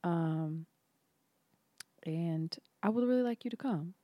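A woman's voice: on the low side, slow pace, no echo, muffled recording. A woman co-hosting a podcast, chatting in an upbeat way and laughing easily. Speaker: podcast co-host. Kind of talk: casual chat.

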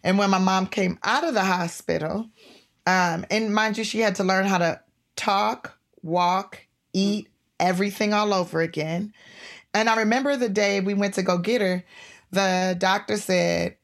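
Middle-aged comic woman, animated storyteller, laughs a lot, acts out voices, mid-pitched. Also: normal speed. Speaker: comedian and guest. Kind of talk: casual storytelling interview.

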